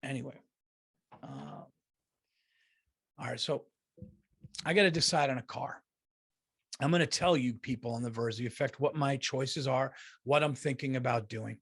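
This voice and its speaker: A man's voice: mid-range voice, normal speed, long pauses, fairly bright tone, breathy edge. A man hosting his own podcast, talking alone from his office in a heated, profane rant. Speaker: podcast host and comedian.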